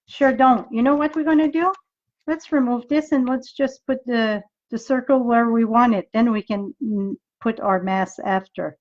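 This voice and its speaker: French canadian lady doing a card making livestream, high voice, kinda muffled lo-fi sound. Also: moderate pace, darkish tone. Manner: chatty, talks to viewers while working, thinks aloud. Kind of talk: live-streamed crafting demo.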